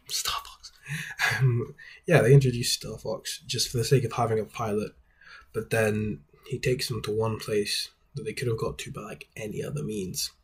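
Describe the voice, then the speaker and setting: A man's voice: fairly low pitch, vocal fry, slightly rough. A man hosting a video essay, giving casual critical commentary in a wry, rambling way.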